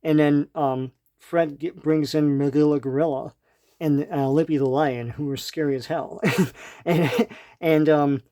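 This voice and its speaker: A man's voice: a little high, fairly even intonation, measured pace, dark tone. A man casually retelling a comic book story as a reviewer, rambling with many ums and restarts. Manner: laughs lightly between remarks.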